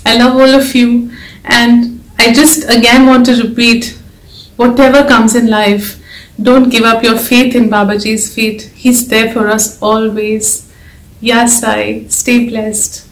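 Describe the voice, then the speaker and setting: A woman's voice: fairly high pitch, little pitch movement, slow. A woman giving an earnest, emotional devotional talk, urging her listeners to keep faith. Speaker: devotional speaker and author. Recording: echoey room.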